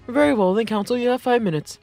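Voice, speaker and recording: A man voicing a fussy, flustered old male judge in a pompous, shrill courtroom manner while reading game dialogue. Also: moderate pace, darkish tone, faint music behind. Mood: stern.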